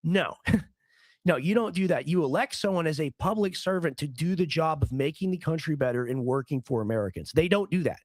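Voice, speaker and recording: A hoarse man hosting a live political stream, ranting in a rambling, heated way and often repeating his words. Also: fairly high pitch, lively intonation, fairly quick, no echo. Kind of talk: casual ranting commentary stream.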